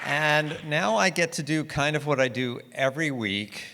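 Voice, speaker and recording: A man's voice: a little high, normal speed, over a noisy crowd, very noisy. A man from the organizing nonprofit thanking sponsors and introducing the host, with a joking, playful manner. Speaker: nonprofit staff presenter. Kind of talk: thanks and introduction at a live event. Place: stage in a hall. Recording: long hall reverb.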